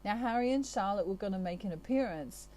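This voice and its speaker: A woman's voice: mid-range voice, animated, fairly quick, darkish tone. A woman from Australia, a tarot reader chatting casually to her viewers with a playful, giggly manner. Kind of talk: casual chat to camera.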